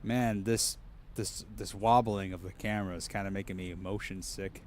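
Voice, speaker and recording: A man's voice: low voice, fairly even intonation, moderate pace, darkish tone, a little hiss or hum. A man giving casual, rambling gameplay commentary as a streamer, joking and swearing freely.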